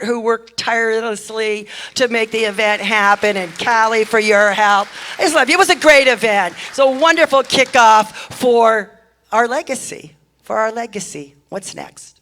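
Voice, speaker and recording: A woman's voice: fairly high pitch, fairly bright tone. A woman making effusive, heartfelt announcements to a church congregation on a handheld microphone, often repeating her thanks. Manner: effusive, repeats thanks, talks with a catch of emotion. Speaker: church speaker giving announcements. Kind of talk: warm announcements at a church service. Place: church sanctuary.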